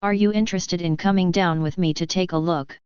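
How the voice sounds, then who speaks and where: A woman's voice: on the low side, steady tone, a little fast, a little mellow, clear, resonant tone, dry recording, natural voice. A woman voicing a cocky young male wizard who coaxes and commands a monster in an audiobook. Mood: commanding. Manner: commanding, coaxing. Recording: dry, slightly dull lo-fi.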